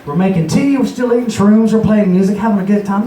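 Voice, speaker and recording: At an open mic in a bar or juke joint, a young man tells a rambling, profane story, laughing and acting out quotes in a higher voice. He speaks fast with a warm tone. It's recorded from far off in an echoey room, with a little hiss or hum.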